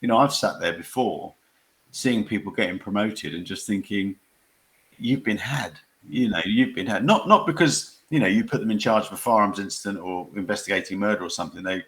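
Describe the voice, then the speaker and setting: A man, a crime author and former police officer, answering interview questions in a halting way with many repeated words and restarts, on a video call. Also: fairly low pitch, lively intonation, fairly bright tone.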